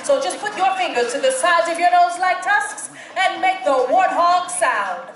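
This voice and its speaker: A woman's voice: very high-pitched, lively intonation, moderate pace, a bit bright. A woman playing a sassy flirty singer. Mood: teasing. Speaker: stage show performer. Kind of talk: live theater audience play. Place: large theater-in-the-round with an audience. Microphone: camcorder in the audience. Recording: distant echoey live venue, crowd and music.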